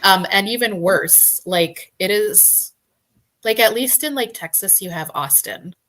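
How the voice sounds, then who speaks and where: A woman's voice: mid-range voice, unhurried, fairly bright tone. A woman from Canada chatting casually on a podcast, filling her talk with "like". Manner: chatty, many "like" fillers. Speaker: podcast guest. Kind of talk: casual chat.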